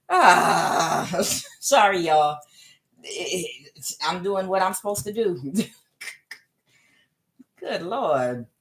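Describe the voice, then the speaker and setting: A woman's voice: sits low, a bit bright. A woman giving a casual spiritual tarot reading, talking emphatically and repetitively straight to her audience, with chuckling asides. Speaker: tarot reader.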